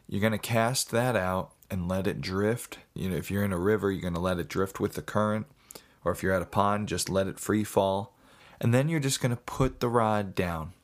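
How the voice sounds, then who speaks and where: Brief: easygoing man with a deep-ish voice, teaching fishing in a folksy, anecdotal way. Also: normal speed. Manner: folksy, storytelling. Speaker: fishing instructor. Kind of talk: casual how-to talk.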